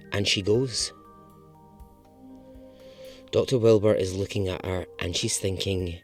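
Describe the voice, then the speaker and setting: A man's voice: low-pitched, steady tone, takes it slowly, pauses often, faint music behind. A man hosting a podcast, telling a true story in a chatty, casual way and swearing now and then for emphasis.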